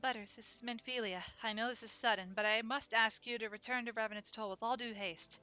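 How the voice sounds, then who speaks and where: A woman voicing a calm, earnest woman leader in a game, urgent but composed. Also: fairly high pitch, a little fast, smooth.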